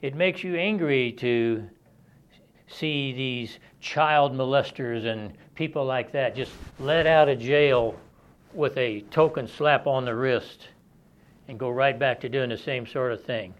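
Speaking slowly in a mid-range voice, a man works through an expository sermon. The lo-fi recording sounds dull, and he reads scripture aloud before explaining it in a plain-spoken, conversational manner.

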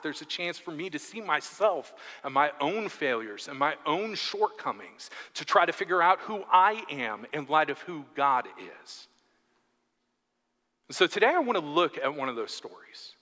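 A man's voice: a little high, big pitch swings, normal speed. Man preaching in a reverberant hall. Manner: earnest preaching, drops to soft rhetorical questions. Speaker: pastor. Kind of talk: sermon. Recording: long reverb of a large hall.

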